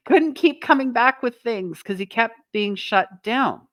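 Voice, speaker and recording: A woman's voice: fairly high pitch, expressive, unhurried, few pauses, a bit bright, no echo. A woman host giving a motivational talk to her viewers, earnest and emphatic, often asking "right?". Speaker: self-help channel host.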